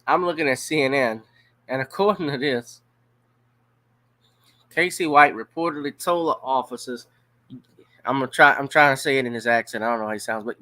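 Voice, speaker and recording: A man's voice: mid-range voice, pushed and bright, no room sound. A man from Louisiana, giving blunt, profane casual commentary on a news story. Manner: blunt, profane, drawn-out emphasis.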